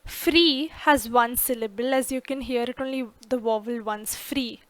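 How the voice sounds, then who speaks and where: Woman teacher explaining grammar, kinda high voice, slow, leans on example words, dry close sound. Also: fairly bright tone, no echo. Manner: slow, careful, with clearly stressed example words. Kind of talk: scripted lesson narration.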